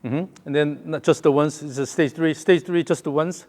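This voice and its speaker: A man's voice: fairly high pitch, fairly even intonation, moderate pace, darkish tone. Man coaching with short repeated cues. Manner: short repeated cues, hums counts and rhythm. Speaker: golf coach. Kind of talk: hands-on coaching session.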